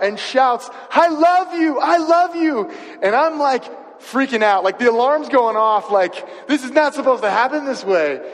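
Preaching with a high voice and a long reverb tail, this pastor shares a personal story in a conversational tone. He frequently turns to his audience with questions.

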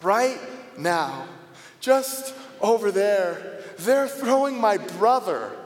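A high-voiced man performs a dramatic first-person biblical monologue, unhurried and theatrical, shifting between sarcasm and quiet reflection with a sing-song lilt. The long reverb of a large hall makes it sound roomy.

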